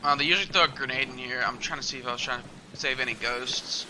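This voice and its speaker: Against a noisy background, a young gaming channel host with a medium-pitched voice talks fast while he plays. His casual gameplay commentary rambles loosely and is packed with fillers.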